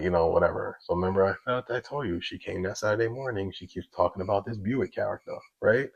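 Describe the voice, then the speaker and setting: A man's voice: fairly low pitch, a little fast, vocal fry, slightly rough, muffled recording. A young adult man telling a personal story in a loose, conversational way, full of fillers and quoted back-and-forth. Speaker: storyteller sharing a personal testimony. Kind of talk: casual spoken storytelling.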